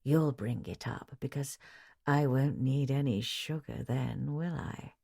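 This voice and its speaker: A woman reading an audiobook, voicing a lecherous man in a slow, insinuating drawl. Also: very deep voice, gravelly, dark tone, slightly rough, exaggerated voice. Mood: leering. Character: leering, lecherous man, middle-aged.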